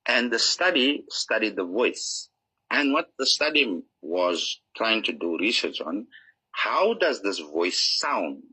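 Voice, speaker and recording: Deep husky man explaining earnestly. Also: sing-song, slow, bright, forceful tone, poor audio. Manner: earnest, explanatory, acts out inner voices. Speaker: author guest. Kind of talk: interview answer, teaching.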